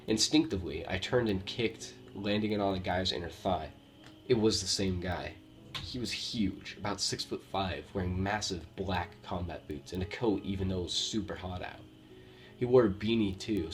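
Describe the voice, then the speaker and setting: A man from Romania with a Romanian accent, reading true scary stories aloud with a steady storytelling delivery and the odd slip. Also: low voice. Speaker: horror story narrator. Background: faint background music.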